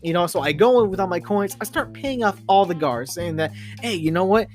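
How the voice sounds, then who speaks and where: High-voiced rambling podcast host. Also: male voice, animated, a little fast, a little mellow, soft background music. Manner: rambling, self-amused, many restarts. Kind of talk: improvised storytelling.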